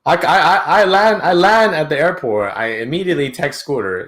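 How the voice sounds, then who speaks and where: A man's voice: on the high side, lively intonation, normal speed, hardly any pauses, a bit bright. A young man, a podcast guest, telling a story in casual, slangy talk with lots of restarts.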